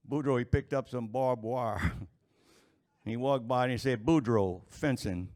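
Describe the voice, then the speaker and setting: A man telling folksy jokes to a live audience, chuckling at his own punchlines in an unhurried drawl. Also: medium pitch, steady tone, a little mellow. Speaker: stand-up storyteller.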